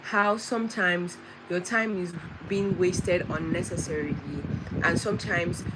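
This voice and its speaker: A woman's voice: on the low side, fairly even intonation, unhurried. A woman hosting a casual travel livestream, chatty and greeting her viewers again and again. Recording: loud vehicle noise behind.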